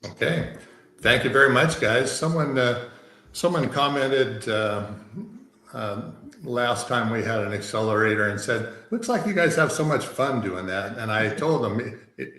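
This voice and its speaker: A man's voice: mid-range voice, measured pace, reverberant. Chatty man moderating a video call. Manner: relaxed and chatty, with many fillers. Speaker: meeting moderator. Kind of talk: casual video-call meeting.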